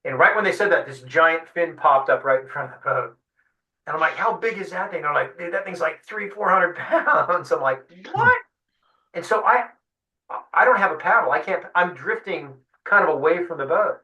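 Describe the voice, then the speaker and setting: A man, a fishing guide, telling a lively story in an interview, acting out what people said. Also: fairly high pitch, moderate pace. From San Diego. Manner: animated storyteller acting out quotes. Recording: echoey room, distant mic.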